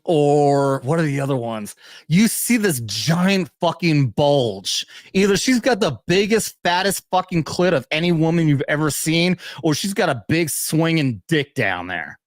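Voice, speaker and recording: A man's voice: a little high, sing-song, measured pace, no echo, clean studio sound. Swearing, laughing veteran man host. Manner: swears constantly, laughs at own jokes. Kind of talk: casual profane commentary rant.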